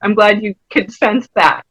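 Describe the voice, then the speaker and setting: A woman's voice: mid-range voice, fairly bright tone, breathy edge, no room sound, rough recording. Laughing, chatty woman. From Saskatchewan, Canada. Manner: enthusiastic, laughs often, chatty storytelling with restarts. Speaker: fibre artist and pastelist, interview guest. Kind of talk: casual interview.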